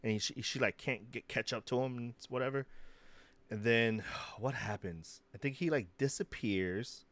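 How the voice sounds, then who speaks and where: A man's voice: medium pitch, normal speed. Young man, rambling casual chat. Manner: rambling, animated retellings with acted-out quotes. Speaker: podcast co-host.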